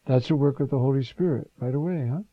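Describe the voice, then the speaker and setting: A man preaching a sermon in an animated way, full of rhetorical questions and asides. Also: medium pitch, fast, no echo. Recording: dull lo-fi recording.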